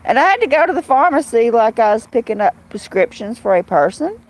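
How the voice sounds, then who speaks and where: Woman chatting on a live stream, kinda high voice, blunt and rambly. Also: big pitch swings, brisk, low-quality recording. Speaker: live-stream host reading chat. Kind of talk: casual live-stream chat.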